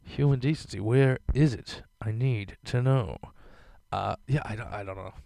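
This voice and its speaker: At a moderate pace, the podcast host's medium-pitched voice sounds creaky and mellow as he rambles through a casual rant full of fillers and swearing. No room sound is present.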